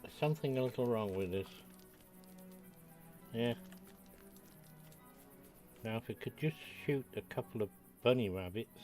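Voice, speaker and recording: A man's voice: medium pitch, expressive, a little slow, long pauses, a little mellow, faint music behind. An older man from the United Kingdom, chatting and rambling to himself as he streams a game. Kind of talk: casual live-stream commentary while playing.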